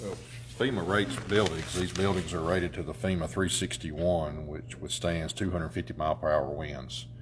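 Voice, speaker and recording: A man's voice: deep voice, fairly even intonation, moderate pace. A man, an emergency management director explaining things plainly and practically. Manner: matter-of-fact, practical explainer. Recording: noticeable room noise.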